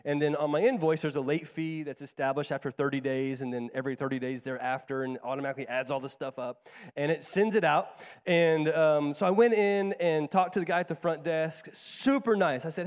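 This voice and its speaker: A male pastor tells a story during a sermon in a church sanctuary, speaking in a conversational, folksy way and often repeating words. His voice is on the high side and fairly quick, and the church hall sounds echoey.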